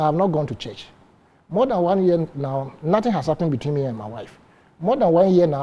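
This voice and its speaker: A Ghanaian man speaks earnestly on a morning show panel and uses his own life as an example. His voice is slightly high and mellow. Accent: Ghanaian English. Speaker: studio guest.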